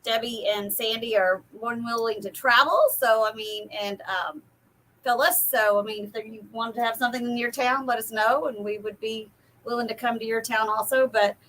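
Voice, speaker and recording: A woman who runs a paint business talks casually and rambles, with plenty of fillers. Her voice is a little high and has a bright, tense edge. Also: steady tone, normal speed, low-quality recording. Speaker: paint company owner. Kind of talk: casual live-stream chat.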